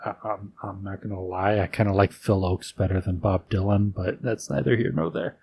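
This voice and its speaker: A man's voice: low-pitched, steady tone, moderate pace, a little mellow, husky. Laughing male podcaster telling history. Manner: laughs often while telling the story, with loose fillers. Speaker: podcast co-host. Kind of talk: casual history storytelling.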